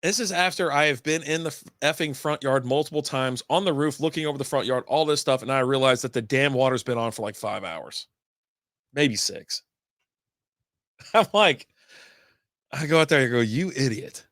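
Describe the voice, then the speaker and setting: A man's voice: medium pitch, moderate pace, fairly bright tone, no echo, studio quality. A man hosting a casual podcast, rambling through long stories with lots of asides and fillers. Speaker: podcast host. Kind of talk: casual beer podcast monologue.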